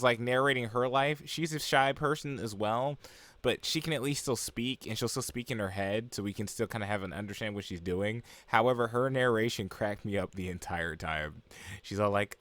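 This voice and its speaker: A man's voice: medium pitch, a bit bright, no room sound. A young man casually recapping an anime episode, rambling with lots of fillers and asides. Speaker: anime reviewer.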